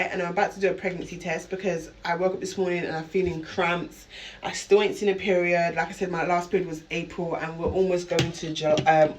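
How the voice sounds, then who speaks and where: A woman's voice: lowish voice, a little hiss or hum. Woman vlogging with frequent swearing. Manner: swears freely, talks to viewers. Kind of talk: casual vlog.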